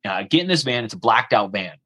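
Animated young man telling a story. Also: on the low side, fast, low-quality recording. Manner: animated, acts out the dialogue, frequent "like" fillers. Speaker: guest telling a travel story. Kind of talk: casual storytelling.

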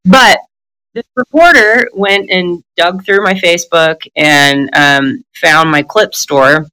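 A woman's voice: on the low side, takes it slowly, bright, forceful tone, poor audio. A middle-aged woman telling her story in a candid conversation, blunt and profane, breaking into laughs and acting out other people's lines.

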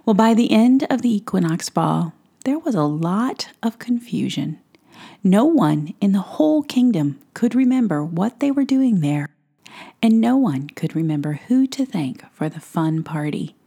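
A woman telling a fairy tale in a soft, hushed whisper as storyteller. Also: mid-range voice, big pitch swings, a little slow, gravelly.

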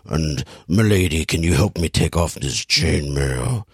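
A man mimicking a grizzled male war veteran hero, speaking in a low, gravelly mumble barely above a whisper. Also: lively intonation, a little slow, no room sound, studio quality, heavily acted. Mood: mumbling. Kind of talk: mocking impression.

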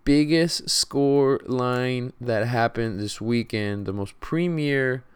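A man's voice: mid-range voice, takes it slowly, clear, resonant tone. A young man hosting a casual sports podcast, laid-back and slangy, thinking aloud with lots of fillers. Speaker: podcast host.

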